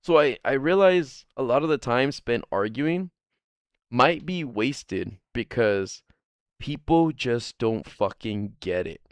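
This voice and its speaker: A man's voice: medium pitch, lively intonation, takes it slowly, clean tone, no echo. Profane rambling man streaming. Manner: rambling, profane, laughs often. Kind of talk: casual stream chat.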